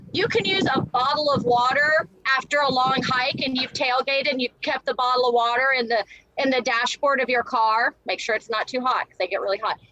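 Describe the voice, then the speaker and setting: High-voiced chatty woman, dry sound. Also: bright, forceful tone, no echo, highs cut off. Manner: chatty, quick with many restarts and fillers. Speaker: guest entrepreneur. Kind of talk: casual interview chat.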